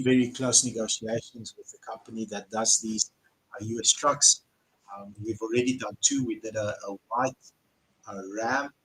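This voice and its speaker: A man's voice: fairly low pitch, a bit bright, poor audio. A man with a South African accent, a car dealer hosting a live Q&A and telling stories bluntly, swearing when riled. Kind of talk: casual live Q&A storytelling.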